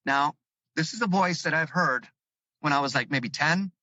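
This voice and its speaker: Reliving a frightening moment, a Chicago man calling in shares his story excitedly, his pitch climbing as the fear comes back. His pace is moderate, and the dry recording has its highs cut off.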